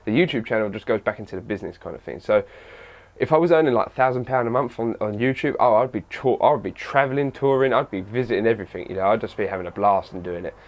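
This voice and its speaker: A man's voice: on the low side, fast talker. Rambling fitness vlogger man. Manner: rambling, jokey, says "brother" and "man" a lot. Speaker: fitness YouTuber. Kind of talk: casual Q&A vlog.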